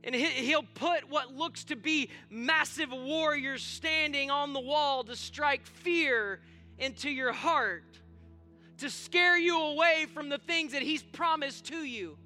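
Man, pastor, sermon, conversational then emphatic, very high voice, sharp bright tone. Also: slow, faint music behind. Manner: conversational preaching, rising to emphatic.

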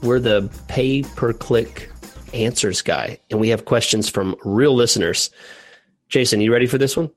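A man's voice: mid-range voice, moderate pace, no echo, faint music behind. A man from Texas co-hosting a casual Q&A podcast, reading a listener email aloud with joking asides. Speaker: podcast co-host.

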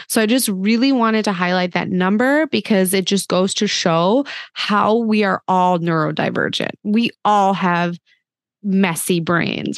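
Woman, thirties, podcast host, casual chat, earnest, chatty, mid pitch, dry close sound. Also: dry recording. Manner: earnest, chatty, many "like" fillers.

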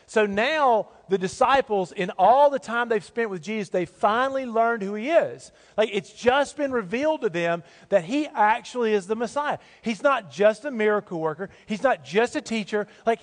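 A man's voice: extremely high pitch, expressive, moderate pace, few pauses. A man preaching a sermon as pastor of a church, talking in a conversational, folksy storytelling way. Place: church sanctuary. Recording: long reverb of a church hall.

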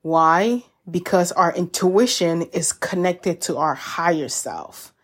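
A woman hosting a self-help podcast, talking in a gentle, encouraging way and calling her listeners y'all. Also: lowish voice, slow, slightly rough. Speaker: podcast host. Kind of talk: reflective self-help talk.

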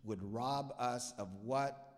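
Young male preacher, self-mocking and playful, mid-pitch voice, long hall reverb. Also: slow pace. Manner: playful and self-mocking, jumps from quiet asides to loud emphatic bursts. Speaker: pastor. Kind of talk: sermon.

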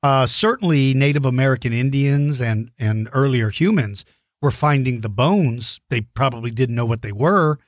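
A man's voice: mid-range voice, normal speed, dry recording, studio quality. A man hosting a podcast, answering children's questions in a friendly, enthusiastic way with plenty of ums and restarts. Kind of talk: casual chat to young listeners.

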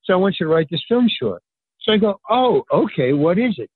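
Talking a little fast with a breathy edge, an older man rambles through a story on a podcast, voicing its characters with lively jumps in pitch. Fillers and restarted sentences are frequent, and the recording sounds like a tinny, dry phone line without echo.

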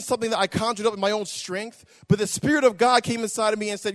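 High-voiced preacher in a reverberant hall. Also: male voice, steady tone, quick pace. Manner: impassioned, repetitive, swings from hushed to shouting. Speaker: pastor. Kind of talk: sermon testimony. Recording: long reverb of a large hall.

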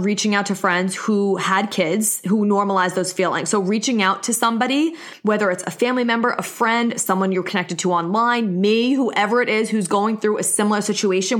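A young woman talking straight to her listeners in a loose, chatty monologue. She fills her sentences with "like" and sounds earnest and encouraging, with a voice at an ordinary middle pitch. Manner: chatty, open, leans heavily on "like". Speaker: solo podcast host. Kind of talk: casual personal monologue.

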